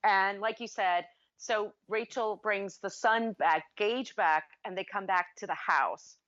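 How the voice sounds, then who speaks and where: A woman's voice: mid-range voice, unhurried, a bit bright, dull audio. A woman co-hosting a casual film review chat, retelling plot scenes at length. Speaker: podcast co-host.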